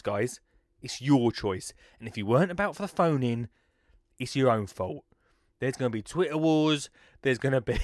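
A man hosting a casual podcast, excitable and jokey, rambling with restarts. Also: mid-range voice, no echo, clean studio sound. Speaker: podcast host.

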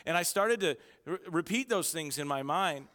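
A man preaching a sermon to his church, with energetic storytelling and self-mocking humor. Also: a little high, moderate pace, in a large hall. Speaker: pastor. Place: church auditorium.

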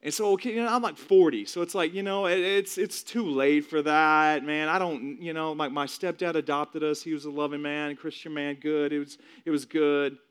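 A man's voice: fairly high pitch, steady tone, normal speed, few pauses, a bit bright, clear, resonant tone. A man in his forties giving a personal testimony, emotional and repetitive as he tells his story. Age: 40s.

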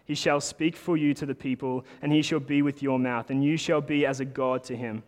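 Guy preaching a sermon, mid pitch, super conversational, lots of hall reverb. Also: fairly even intonation, fairly quick. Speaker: pastor.

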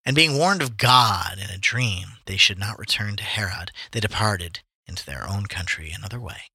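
A man's voice: fairly low pitch, expressive, moderate pace, bright, forceful tone, breathy edge, no room sound. A man reading old scripture aloud to friends in a casual way, stopping now and then to joke. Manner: reads archaic verses plainly, breaking off to joke. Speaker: reader among friends.

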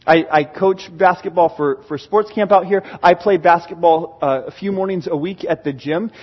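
A man, a pastor, preaching a sermon and telling stories with animated, acted-out exclamations. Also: high voice, moderate pace, breathy edge. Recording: dull, lo-fi recording with long hall reverb.

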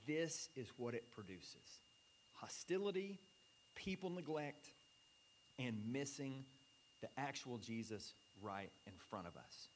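A man's voice: medium pitch, expressive, slow, slight background noise, low-quality recording. A male pastor preaching a sermon in a conversational way, reading scripture aloud and coughing now and then.

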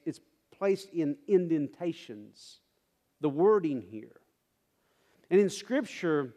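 A man preaching a sermon, animated and direct with his congregation, repeating phrases for emphasis. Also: on the high side, big-room sound. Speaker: pastor.

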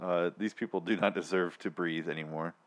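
With a low-sitting voice and a slightly fast pace, a podcast host retells a scene in casual conversation. His storytelling is animated and profane, punctuated by laughter.

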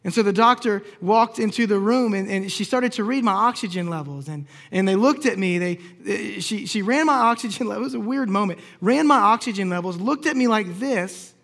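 A pastor telling a personal story in a sermon, acting out the lines of the people in it with humor. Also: male voice, sits high, normal speed, creaky, few pauses, fairly bright tone. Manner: storytelling, acts out quoted dialogue with humor.

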